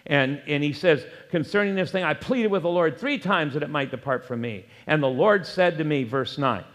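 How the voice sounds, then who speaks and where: A man preaching a sermon as pastor, emphatic, with wide swings between loud, raised phrases and low, quiet ones. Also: moderate pace. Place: church sanctuary. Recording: long hall reverb.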